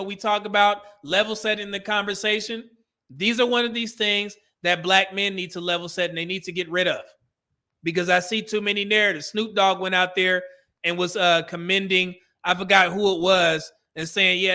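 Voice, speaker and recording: A man's voice: high voice, bright, forceful tone. A man hosting a show, giving blunt, emphatic, opinionated commentary. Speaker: show host.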